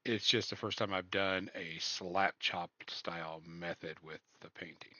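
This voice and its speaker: Man with a bright, forward voice. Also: deep voice, steady tone, unhurried, no echo, muffled recording. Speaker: stream co-host. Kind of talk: casual chat.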